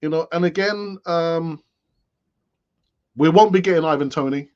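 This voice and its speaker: A man's voice: fairly high pitch, a little slow, a little mellow, lo-fi sound. A man in his late fifties hosting a casual live-stream football chat, rambling with sighs and asides. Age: late 50s. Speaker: football fan channel host.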